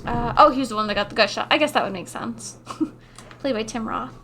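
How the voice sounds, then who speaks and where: A woman's voice: on the high side, fairly quick, pushed and bright, slight background noise. A woman co-hosting a casual gaming stream, reading chat aloud, laughing often and swearing freely.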